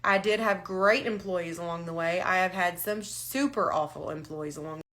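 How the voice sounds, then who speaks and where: A woman's voice: lowish voice, normal speed, a bit bright. A woman talking candidly on a live stream, frank and emotional, holding back tears. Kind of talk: casual live-stream talk. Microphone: phone or webcam on a live stream.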